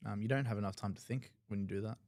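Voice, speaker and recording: Australian male analyst, lower voice, dry sound, thinks out loud over hands. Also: steady tone, rapid-fire, no room sound. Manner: analytical, loose with many fillers. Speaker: poker analyst. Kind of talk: live tournament commentary.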